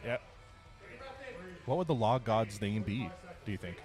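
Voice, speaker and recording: A man giving live play-by-play commentary at a strength competition, cheering lifters on excitedly. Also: fairly low pitch, unhurried. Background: music playing.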